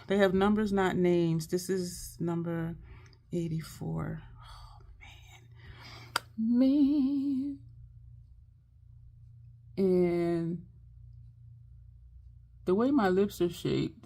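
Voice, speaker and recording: A woman's voice: lowish voice, gravelly, a little mellow. A woman doing a casual makeup tutorial, chatting and thinking aloud as she works. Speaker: makeup vlogger.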